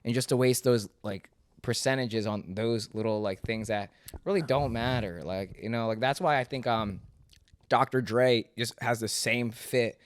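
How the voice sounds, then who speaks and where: Chatty young podcast host. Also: male voice, mid-range voice, normal speed, no room sound. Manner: chatty, lots of "like" and backchannel agreement. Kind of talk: casual podcast chat.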